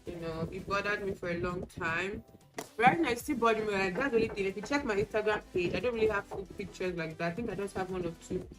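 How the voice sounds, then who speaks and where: A woman chats candidly to camera in a relaxed get-ready-with-me vlog, her voice at an ordinary middle pitch. She tells personal stories and slips into acted-out exchanges. Clear music plays behind her. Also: fast, rough recording. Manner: chatty, candid storytelling; acts out quoted exchanges. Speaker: beauty vlogger. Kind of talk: casual get-ready-with-me chat. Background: music playing.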